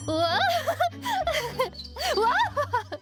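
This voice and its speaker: A woman voicing a curious, excitable animal explorer in a children's cartoon, exclaiming wide-eyed over music. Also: very high voice, drawn-out words, voice pushed up, full character voice. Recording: cartoon clip with music behind.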